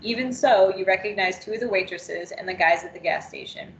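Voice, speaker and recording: A woman's voice: medium pitch, a little fast, a little hiss or hum. Brief: woman trainer narrating a choose-your-path story, roomy, dull call audio. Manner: steady second-person storytelling. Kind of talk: reading an interactive story aloud.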